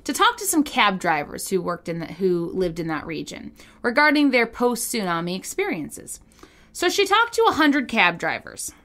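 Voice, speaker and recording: A woman co-hosting a podcast, telling a story in casual chat, giggly and animated with lots of fillers. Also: mid-range voice, moderate pace. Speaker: podcast co-host.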